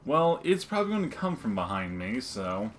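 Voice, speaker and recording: Man, gameplay banter host, teasing and cursing, lively pitch. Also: normal speed, a little hiss or hum. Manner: joking, swearing, teasing. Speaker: let's play host. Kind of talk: casual gameplay chat.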